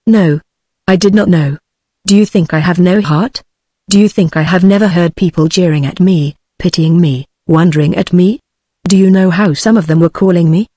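A British woman's text-to-speech voice reading the part of a grim, bitter young peasant woman in a flat, level way. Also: on the low side, normal speed, no echo, clean studio sound, lightly acted. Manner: flat, level synthetic delivery.

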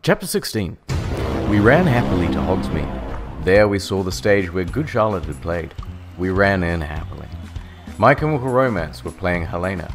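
Deep, swooping man reading aloud. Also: moderate pace. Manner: deadpan reading with sarcastic swoops. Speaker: narrator and host. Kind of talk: comedic dramatic reading. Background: music.

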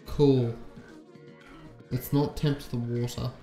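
A man's voice: medium pitch, level tone, takes it slowly, dark tone, soft background music. Man streaming a game in an echoey room. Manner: casual, swears freely, mutters to himself. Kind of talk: live game-stream commentary.

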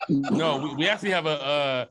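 A man's voice: on the high side, a bit bright, slight background noise. A man co-hosting a casual podcast debate, joking and riffing with profanity. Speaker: podcast co-host. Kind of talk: casual comedic debate chat.

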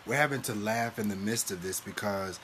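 A man hosting a live stream, chatting and preaching to viewers in an animated way, laughing often and calling listeners baby and honey. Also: lowish voice, fairly quick, slight background noise. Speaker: livestream host and minister.

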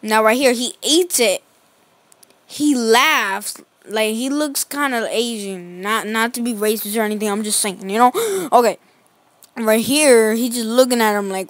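Female vlogger, rambling slangy picture commentary, slightly high voice, dry close sound. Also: unhurried, no room sound. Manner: slangy, rambling, constant "like" fillers. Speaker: video host. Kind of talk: casual commentary over pictures.

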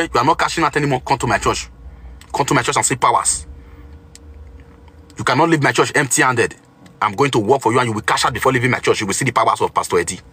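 A Nigerian man talks fast on a livestream, boasting about his power as a pastor. His voice is bright and tense, with a husky edge, and he scolds his audience in an indignant, boastful way. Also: medium pitch. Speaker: self-styled pastor on a livestream. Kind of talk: livestream rant to viewers.

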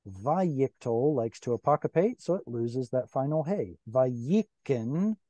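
A man's voice: mid-range voice, animated, slow pace, warm tone, dry recording. A man teaching a Hebrew class over a video call, patiently explaining grammar step by step.

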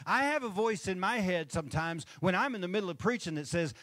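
High-voiced and fairly bright, the pastor is animated and quick, rarely pausing, in a dry recording. His sermon from the church stage is conversational, punctuated by requests for amens from the crowd and chuckles between points.

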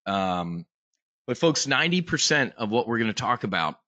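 A man's voice: mid-range voice, very animated, normal speed, pushed and bright, no room sound. A man hosting a live trading brief, talking casually with lots of fillers and restarts, blunt and sometimes profane. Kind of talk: casual live market talk.

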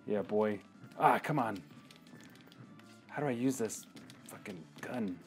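A man with a voice on the low side talks slowly over faint background music. He's playing a retro video game, offering laid-back let's-play commentary that mixes trash talk at enemies with swearing and jokes.

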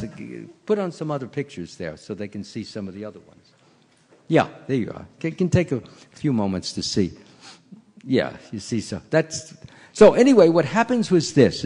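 A man giving a sermon, telling a story in an animated way and acting out its scenes, recorded in a temple hall. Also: mid-range voice, breathy edge. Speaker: preacher. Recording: reverberant hall.

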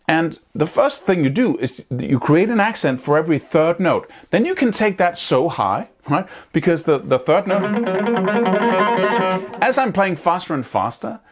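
A man with a somewhat high, slightly breathy voice gives a measured-paced guitar lesson about picking. He scats rhythms aloud, stays energetic and hands-on, and frequently checks with listeners by asking "right?" and "wouldn't you say?".

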